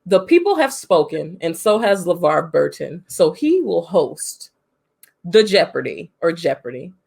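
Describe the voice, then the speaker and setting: A woman's voice: fairly low pitch, sing-song, measured pace, gravelly, darkish tone, slightly rough. A woman co-hosting a casual film podcast, chatty and playful, laughing often. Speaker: podcast co-host. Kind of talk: casual chat.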